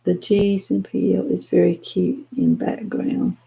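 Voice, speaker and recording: Surrounded by doll showcases in her home office, an older woman talks to her live-stream viewers in a low, dark voice with vocal fry. Her pitch barely moves and her pace is measured as she responds to comments, drifting a little and often restarting or filling pauses.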